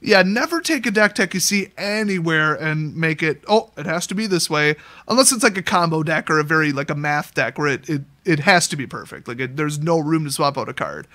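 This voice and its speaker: A chatty man with a notably high-pitched voice, speaking as a podcast guest. He rambles in a relaxed, casual way and keeps breaking into laughs between his points. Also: brisk, hardly any pauses. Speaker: podcast guest, content creator.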